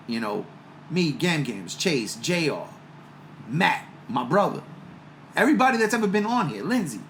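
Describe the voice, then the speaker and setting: A man hosting a casual fan chat, excitable and laughing as he talks. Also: on the high side, normal speed, slight background noise. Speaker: podcast host.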